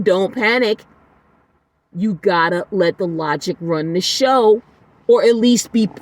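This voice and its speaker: Woman, solo podcast host, blunt exasperated monologue, fairly high voice, dry close sound. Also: no echo. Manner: ranting, exasperated, blunt with swearing; soft, tired sign-off.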